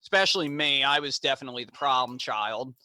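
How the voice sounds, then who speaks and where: A young man co-hosting a podcast, telling childhood stories in casual chat with quick laughs. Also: medium pitch, no room sound. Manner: animated storytelling, quick laughs. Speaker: podcast co-host.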